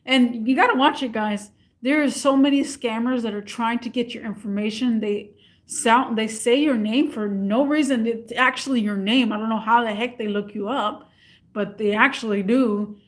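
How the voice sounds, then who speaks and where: A woman's voice: on the high side, fairly even intonation, moderate pace. A young woman vlogger telling a story casually to her camera, acting out both sides of a phone call.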